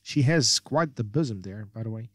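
A man's voice: fairly low pitch, animated, normal speed, no echo, clean studio sound. A man hosting a casual let's play, chatting and reading along with lots of fillers and laughs. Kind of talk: casual game commentary and reading.

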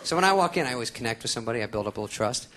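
A man in his thirties performing a stand-up comedy set, with sarcastic, deadpan asides that keep jumping into high voices. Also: very fast. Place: stage before a live audience. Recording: live theater audience laughter.

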